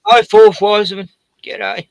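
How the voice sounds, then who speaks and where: A man's voice: high voice, fairly even intonation, a little slow, no echo. A man with an Australian accent hosting a casual chat, telling blunt, profane stories. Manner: blunt, swearing storyteller. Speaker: host.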